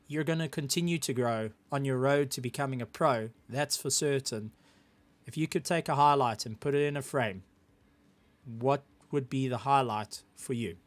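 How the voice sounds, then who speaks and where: A man with a South African accent hosting a sim racing broadcast, interviewing drivers after a race and building up excitement. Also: medium pitch. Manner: hyped, building up excitement when introducing the winner.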